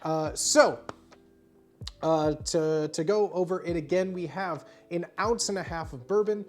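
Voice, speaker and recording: A woman's voice: fairly low pitch, unhurried. Chatty tipsy woman mixing drinks. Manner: chatty, rambling, many fillers, thanks viewers. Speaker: bartender streamer. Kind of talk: casual livestream cocktail demo. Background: faint music.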